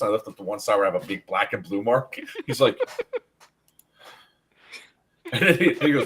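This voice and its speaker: A man's voice: lowish voice, a little fast, pauses often, slight background noise. A man hosting a casual live stream, telling a story with lots of laughing and acted-out voices. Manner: animated, laughing, acts out voices in anecdotes. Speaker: podcast host.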